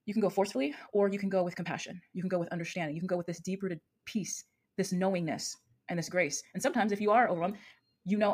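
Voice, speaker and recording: A woman in her thirties talks fast and earnestly, circling back to rephrase her points. Her voice sits a little low for a woman. She sounds like a coach hosting her own solo podcast. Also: steady tone, darkish tone, breathy edge. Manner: earnest, fast-talking, repeats and rephrases herself. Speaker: podcast host and emotional coach.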